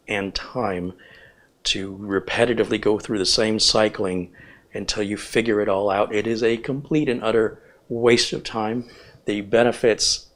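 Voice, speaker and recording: A man's voice: fairly low pitch, fairly bright tone. A man hosting a hands-on computer build tutorial, explaining each step plainly and giving firm opinions. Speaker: computer technician host.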